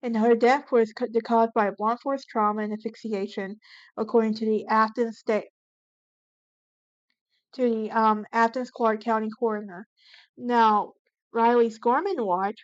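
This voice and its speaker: Hosting her channel's true crime case, a woman with a fairly high, clean voice reads from her notes, often stumbling, restarting and correcting herself. Her delivery is steady and a little slow. The recording is dull, lo-fi and dry, with no room echo.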